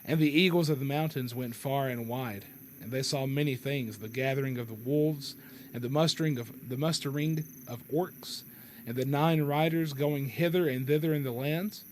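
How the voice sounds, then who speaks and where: A male podcast host reads a novel aloud at an ordinary middle pitch. He stops often to correct himself and chuckles as he goes. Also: a little hiss or hum. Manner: halting, self-correcting reading with chuckles. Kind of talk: reading a novel aloud with commentary.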